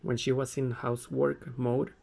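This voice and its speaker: A man reading a memoir aloud, in a halting way with frequent stumbles and self-corrections. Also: mid-range voice, flat delivery, creaky, darkish tone. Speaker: amateur reader.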